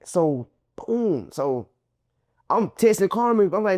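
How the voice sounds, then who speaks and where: Profane, animated man telling a story. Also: sits high, measured pace, dry recording. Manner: animated, profane street slang, acts out quotes. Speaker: interview guest. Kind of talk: casual storytelling.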